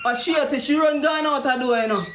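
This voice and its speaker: A woman with a Jamaican accent makes a prank call, pushing her point in thick patois and saying it again and again. Her voice sits high, and the recording is roomy and echoing with steady noise behind it. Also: fairly quick. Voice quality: forceful patois, repeats herself insistently. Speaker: prank caller.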